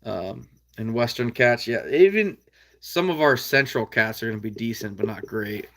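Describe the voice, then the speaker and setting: A man's voice: mid-range voice, expressive, moderate pace, fairly bright tone. A man with an American Midwest accent hosting a casual livestream, reading out viewer comments in an easygoing, folksy way with frequent chuckles. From Iowa.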